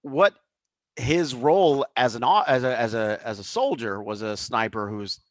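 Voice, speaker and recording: A man's voice: medium pitch, animated, moderate pace, dry recording. Easygoing guy co-host, voice goes up and down a lot, dry close recording. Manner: easygoing, many fillers and backchannels. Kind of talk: casual chat recapping a film.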